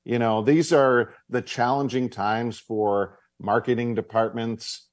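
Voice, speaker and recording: A man's voice: medium pitch, fairly even intonation, takes it slowly, dry recording. A man hosting a sports radio show, chatty and promotional as he plugs the evening game. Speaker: radio and TV hockey broadcaster, host. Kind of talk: casual sports radio talk.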